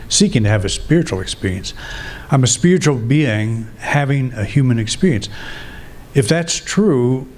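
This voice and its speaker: A man preaching a sermon in a calm, reflective way, thinking aloud and restarting his phrases. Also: medium pitch. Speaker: minister.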